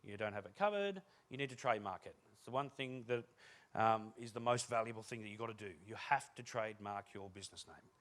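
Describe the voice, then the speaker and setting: A man's voice: lowish voice, brisk, a bit bright. A man giving a humorous keynote talk on stage, telling self-deprecating anecdotes and acting out the dialogue. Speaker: keynote speaker.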